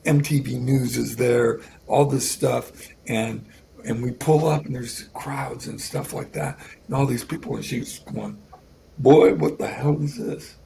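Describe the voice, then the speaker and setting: A man in his sixties, a guest, telling an emotional personal story in a halting way, often restarting and repeating words. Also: mid-range voice, fairly even intonation, gravelly, warm tone, slight background noise. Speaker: guest musician.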